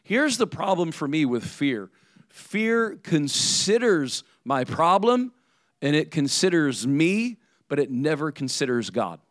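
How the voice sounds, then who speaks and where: A man's voice: on the high side, big pitch swings, slow pace, no echo, studio quality. A man preaching a sermon as pastor in a conversational way, often checking in with "right?".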